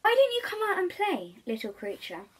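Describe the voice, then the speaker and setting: A woman's voice: very high voice, huge pitch swings, brisk, a little hiss or hum, pitched above the performer's own voice, heavily acted. A woman voicing a sly, hungry wolf in a storybook reading, wheedling and sweet-talking. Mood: coaxing.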